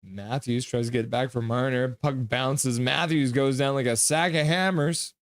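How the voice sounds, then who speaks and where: A man hosting a live reaction stream, calling the hockey game play-by-play in a brisk manner, with bursts of loud cheering. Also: mid-range voice, no room sound, clean studio sound.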